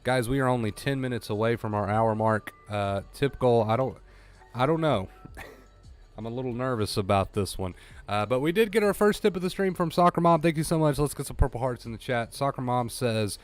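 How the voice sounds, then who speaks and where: A man's voice: medium pitch, lively intonation, brisk. A man coaching viewers through anxiety recovery on a live stream, blunt and repeating himself for emphasis. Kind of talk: live-stream talk to chat.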